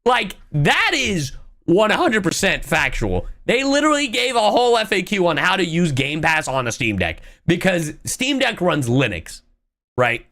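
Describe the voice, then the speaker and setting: A woman's voice: fairly low pitch, sing-song, normal speed, fairly bright tone. A young woman streaming live, ranting in exasperation with lots of swearing while she reads out and answers her chat. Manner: reads viewer chat and thanks subscribers.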